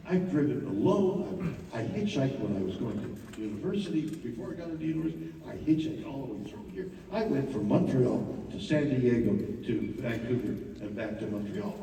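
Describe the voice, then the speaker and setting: A man's voice: mid-range voice, a little hiss or hum. Dramatic man in an echoey hall. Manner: dramatic, swings between hushed murmurs and loud outbursts; halting repetitions and restarts. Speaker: stage performer telling a personal story. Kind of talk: live theatrical monologue. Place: large theater. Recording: echoey hall, mic far off.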